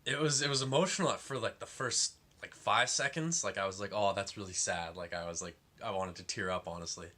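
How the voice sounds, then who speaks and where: Young guy reviewing a movie, low voice but bright and punchy, keeps saying like. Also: steady tone, a little fast, hardly any pauses. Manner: rambling, lots of "like" fillers, exasperated. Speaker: film reviewer. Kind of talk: casual film review.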